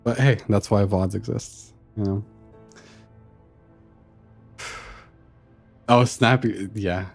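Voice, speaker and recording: A man's voice: on the low side, slow pace, gravelly, long pauses, soft background music. Amped-up man streaming a game. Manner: excitable, swearing, stumbling over words. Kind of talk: excited gameplay reaction.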